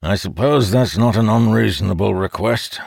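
A man doing a gruff old soldier commander. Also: on the low side, moderate pace, darkish tone, no room sound, clean studio sound, pitched above the performer's own voice. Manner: curt, commanding.

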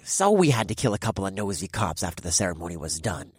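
A man's voice: low-pitched, very animated, fast talker, darkish tone, husky, no room sound, studio quality, heavily acted. A man voicing a scornful male cultist kidnapper who snarls and mocks in an audiobook. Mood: snarling.

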